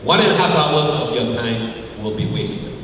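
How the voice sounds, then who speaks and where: A man's voice: medium pitch, lively intonation, normal speed, noisy background. A man preaching a sermon as pastor, emphatic, often repeating key phrases, in a church sanctuary. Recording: echoey hall, mic far off.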